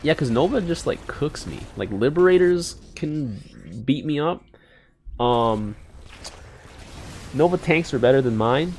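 This man, a gaming YouTuber, talks through his gameplay live in a casual, excitable, slangy way, punctuated by sudden squeals and mumbled asides. His voice sits on the high side at a measured pace, and there's a little hiss or hum in the audio.

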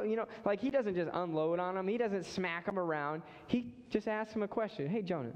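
A man preaching a sermon as pastor, lively and animated, acting out the voices of people in the story. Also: sits high, moderate pace, few pauses, big-room sound, dull audio. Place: church hall.

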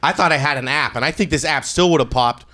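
A male stand-up comedian improvising a story on a club stage into a handheld mic, jumping between loud acted-out quotes and quiet mumbled asides. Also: fairly high pitch, fast.

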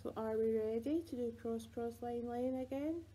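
A woman with a Scottish accent leading rhymes and songs for babies in a library, sing-song and playful with soft whispered asides. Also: on the high side, normal speed, breathy edge, poor audio. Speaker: children's librarian.

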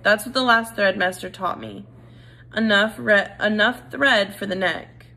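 A woman's voice: mid-range voice, a little slow, pushed and bright. A woman voicing a polite, rule-bound male mouse executioner who mutters matter-of-factly. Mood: muttering. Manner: apologetic, muttering, matter-of-fact.

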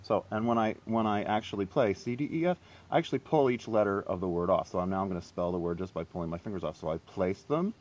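Low-voiced chatty man teaching harp. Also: quick pace, darkish tone, muffled recording. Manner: chatty, self-deprecating, laughs often. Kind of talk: casual video lesson.

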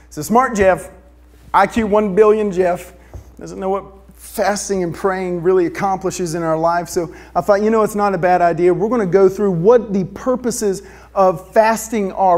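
A man's voice: high voice, normal speed, a little mellow. A man preaching a sermon, joking with the congregation and asking them for a show of hands. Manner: asks the audience for a show of hands. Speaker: pastor.

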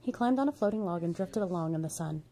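A woman reading a children's storybook aloud in a steady, expressive way. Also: lowish voice, fast.

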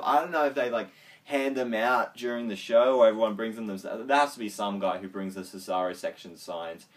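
Low-voiced excitable man reviewing wrestling. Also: distant mic. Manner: excitable, swears freely, many ums. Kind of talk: casual video review.

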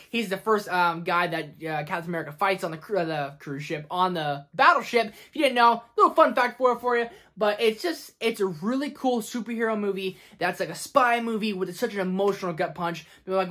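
Young woman, movie vlog host, excitable, gushing, casual swearing, mid pitch.

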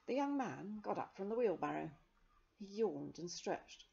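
Gravelly-voiced woman reading a children's book. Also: medium pitch, lively intonation, lo-fi sound. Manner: gentle, measured storytelling. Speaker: reader. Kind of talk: reading a children's novel aloud.

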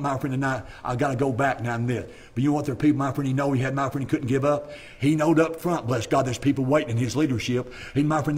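A middle-aged man preaches a revival sermon in a church. His husky voice carries a folksy, rambling manner, full of "my friend" and "bless God.". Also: mid-range voice, darkish tone. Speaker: pastor. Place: church sanctuary.

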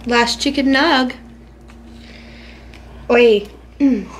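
A woman's voice: high-pitched, very slow, slight background noise. Laid-back young Australian woman. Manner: laid-back, laughing, explaining. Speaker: friend and co-host. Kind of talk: casual mukbang chat.

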